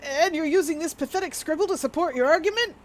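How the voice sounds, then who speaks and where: A woman's voice: very high-pitched, fast talker, slight background noise, pitched above the performer's own voice. A woman reading the lines of an indignant old male courtroom judge from a game, scolding and incredulous. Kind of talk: reading game dialogue aloud.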